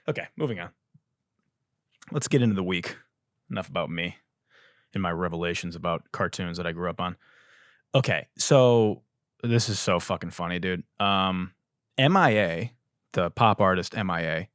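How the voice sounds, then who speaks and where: A man's voice: low voice, animated, moderate pace, long pauses, no echo, studio quality. A man hosting a comedy podcast, delivering a rambling, profane monologue. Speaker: podcast host.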